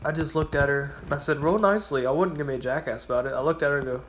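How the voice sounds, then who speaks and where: A man's voice: on the high side, racing, hardly any pauses, fairly bright tone, slight background noise. A man who works at a gas station casually tells rambling work stories, swearing freely and acting out his customers. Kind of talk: casual storytelling vlog.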